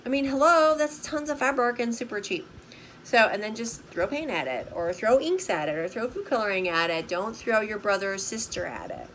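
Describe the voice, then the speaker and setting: A woman's voice: on the high side, lively intonation, moderate pace, fairly bright tone, a little hiss or hum, low-quality recording. An older woman with grandchildren, chatting in a bubbly, casual way as she shows a simple art journal craft, repeating words like "super" and asking "right?".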